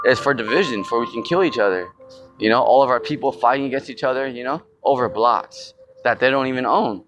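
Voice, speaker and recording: A man's voice: medium pitch, poor audio. A man preaching in a loose, slangy street style, full of fillers and mocking asides. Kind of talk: casual street-style sermon.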